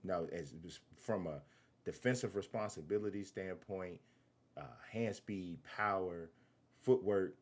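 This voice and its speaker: A man hosting a casual boxing interview, relaxed and agreeable, often chiming in with short agreement. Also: deep voice, a little slow. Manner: relaxed, agreeable, chimes in with yeahs. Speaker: interviewer, channel host.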